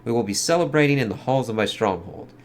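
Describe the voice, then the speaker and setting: A man's voice: mid-range voice, animated, fast talker, a little hiss or hum, natural voice. A man reading aloud the lines of a boastful, menacing male robot warlord from a comic, in a gloating, mocking way.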